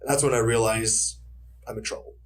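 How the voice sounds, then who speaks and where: A man's voice: medium pitch, a little fast. A man, a retired fighter, telling stories in a casual interview, acting out quotes and swearing freely. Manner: animated storyteller, acts out quotes, swears freely.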